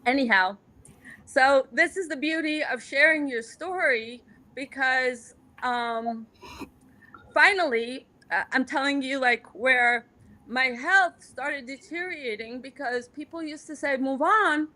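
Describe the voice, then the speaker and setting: A woman's voice: sits high, unhurried, sharp tone. A middle-aged woman from Afghanistan, a guest in a candid interview, speaking with passion and repeating phrases for emphasis.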